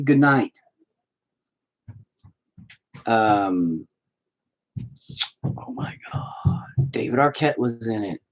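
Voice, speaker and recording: A man's voice: mid-range voice, expressive, very slow, pauses often. Guy rambling on his stream, swears a ton, laid-back chat with his viewers. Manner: profane, rambling. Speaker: live-stream host. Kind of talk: casual live-stream chat.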